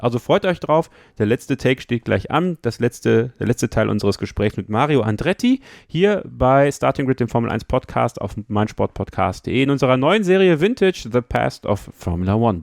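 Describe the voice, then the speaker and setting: A man's voice: medium pitch, gravelly, darkish tone, dry recording, clean studio sound. A man, hosting a podcast with upbeat, teasing announcements and questions. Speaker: podcast host. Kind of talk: podcast presenting and interviewing.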